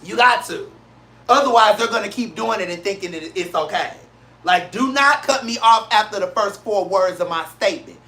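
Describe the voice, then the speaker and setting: A man's voice: high voice, normal speed, sharp tone. Blunt, emphatic man ranting. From St. Louis, Missouri, USA. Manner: emphatic, repetitive, blunt and profane. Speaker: show host. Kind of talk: casual solo talk-show rant.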